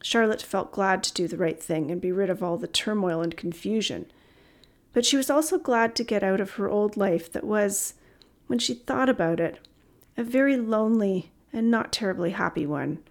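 Audiobook narrator, female, mid pitch, gravelly edge; steady, expressive read. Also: normal speed. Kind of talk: scripted story narration.

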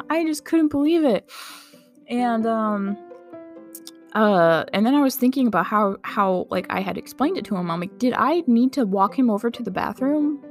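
Her voice sits fairly high as this young woman from a medical clinic chats about a personal experience. She laughs as she talks, says "like" frequently, and sounds amazed by what happened.

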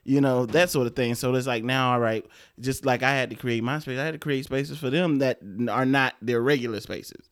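A man in casual podcast chat, a relaxed storyteller who acts out what his family says. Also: medium pitch, brisk, hardly any pauses, no room sound, clean studio sound. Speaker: podcast co-host.

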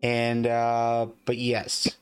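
Smooth-voiced, halting game master man. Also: medium pitch, monotone. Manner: halting, many fillers while explaining. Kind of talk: narrating a tabletop game.

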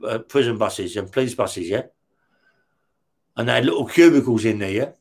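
His voice is mid-range and a little mellow, delivered at normal speed. A middle-aged former career criminal appearing as an interview guest, he tells stories while swearing constantly, laughing, and checking in with "yeah?".

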